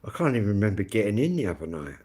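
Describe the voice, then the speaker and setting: Lower-voiced rambling man with a Kent accent. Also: very animated, racing, a little mellow. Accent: Kent English. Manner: rambling, chatty, swears freely. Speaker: music channel host. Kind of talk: casual live-stream chat.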